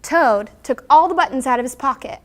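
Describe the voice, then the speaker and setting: Give me a high-pitched woman teacher animatedly reading a picture book to a classroom. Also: a little fast. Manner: animated storyteller, acting out character lines with big loud pushes.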